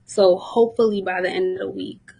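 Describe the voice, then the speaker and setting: A woman's voice: mid-range voice, steady tone, a little fast, gravelly, warm tone, poor audio. Female guest, unwell, calling in from a hospital room, candid and talkative. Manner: candid storytelling, many "like"s. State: ill, in a hospital bed. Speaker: podcast guest. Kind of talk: casual interview chat.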